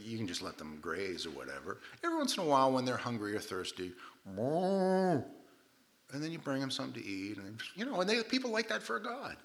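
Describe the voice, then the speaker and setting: A man preaching a sermon, telling stories with comic asides and quoting characters in put-on voices. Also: medium pitch. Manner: lively storytelling with comic asides and voiced quotes. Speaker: pastor.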